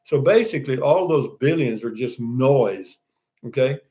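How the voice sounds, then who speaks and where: An older Texan man with a medium-pitched, animated voice and a dark tone speaks at a measured pace. He's hosting a casual live stream, reading viewer comments and chatting in a folksy, rambling manner, often restarting and saying "you know what I mean."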